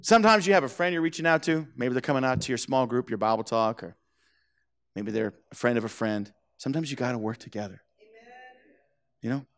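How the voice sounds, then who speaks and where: A man's voice: mid-range voice, brisk, fairly bright tone. A man preaching a sermon to his church, telling the story playfully, acting out the characters' lines and laughing often. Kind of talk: animated sermon with acted-out scenes. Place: church sanctuary.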